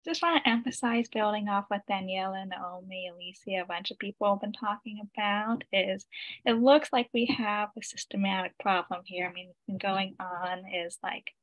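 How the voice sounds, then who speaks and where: A woman's voice: medium pitch, normal speed, no room sound, lo-fi sound. A young woman, a student council member, speaking plainly at a meeting and building on points others have raised. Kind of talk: meeting remarks.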